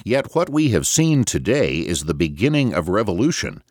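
A man narrating an audiobook, voicing a shrill, anemic male agitator who shouts a rant against the banks. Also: big pitch swings, normal speed, breathy edge, no echo, studio quality, exaggerated voice. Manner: ranting, shouting.

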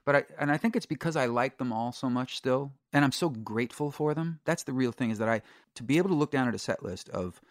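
A man's voice: mid-range voice, quick pace, no echo, clean studio sound. A middle-aged man, a singer-songwriter guest, telling candid stories in a casual interview, restarting sentences and swearing freely.

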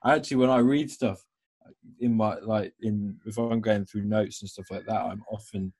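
A man's voice: lowish voice, steady tone, normal speed, darkish tone, breathy edge. A young British man hosting a podcast, introducing his guest in a rambling way full of fillers. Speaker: podcast host. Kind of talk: casual podcast interview.

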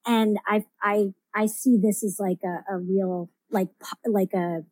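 A woman guest on a podcast talks in a loose, rambling way, full of ums and restarts as she works through her thoughts. Her mid-pitched voice is recorded very dry, with no room sound around it. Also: fairly even intonation, unhurried, darkish tone, no echo. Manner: rambling, many fillers and restarts. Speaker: comics writer, podcast guest. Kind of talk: casual interview chat.

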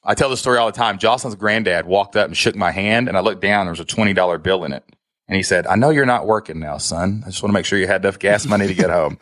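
A man with a low, grounded voice tells his story as a podcast guest. He talks with candid, emotional earnestness and drops a "man" into his sentences often. The sound is close and dry, with no room around it. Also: quick pace, a bit bright, dry recording. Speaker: guest, online business founder.

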